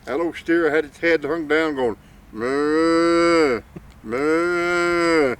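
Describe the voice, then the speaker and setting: A man's voice: a little high, fairly even intonation, normal speed, a bit bright. A man telling a folk tale in a folksy drawl. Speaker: storyteller. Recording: distant mic, faint outdoor noise.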